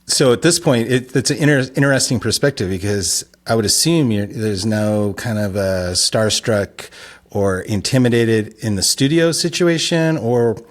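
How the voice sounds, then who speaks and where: Lowish-voiced man hosting an interview. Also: moderate pace. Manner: hesitant, restarts questions. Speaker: podcast host. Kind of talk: conversational interview.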